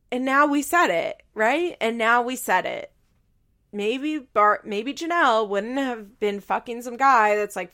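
Chatty and gossipy, a young podcast host casually runs through a reality show recap, dropping swear words along the way. Her voice is a little high and a bit bright.

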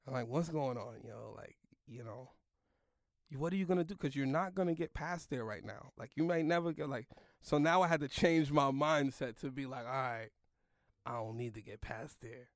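A man's voice: medium pitch, normal speed, no room sound, clean studio sound. A young man, a comedian, telling a rambling story in loose slang, full of "like" and "yo". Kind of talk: casual storytelling in a podcast chat.

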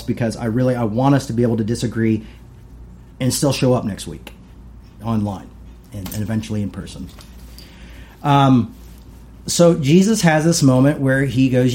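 A male pastor preaching in a relaxed, chatty way and slipping into little acted voices for the people he quotes. His tone is mellow and dark, at a middle pitch. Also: moderate pace, pauses often. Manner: conversational, animated, acts out quoted voices. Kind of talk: casual sermon.

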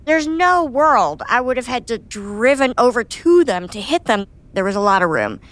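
A woman's voice: a little high, big pitch swings, moderate pace, a bit bright. A woman hosting a casual conversation, speaking frankly and expressively, with occasional swearing.

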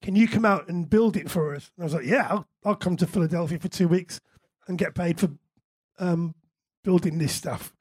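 High-voiced musician telling stories. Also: male voice, normal speed, husky. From England. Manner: chatty anecdotes, frequent laughter, casual swearing. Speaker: musician guest. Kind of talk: live on-stage Q&A storytelling.

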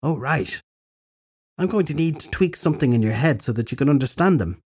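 A blunt old fairy crone from an audiobook talks in a dry, offhand way, read by a man. The voice is dark and husky, and it stays low and unhurried. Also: expressive.

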